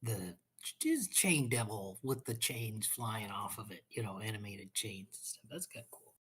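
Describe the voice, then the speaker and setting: A woman's voice: a bass voice, expressive, moderate pace, husky. A woman player chatting casually at a tabletop game, wry and teasing.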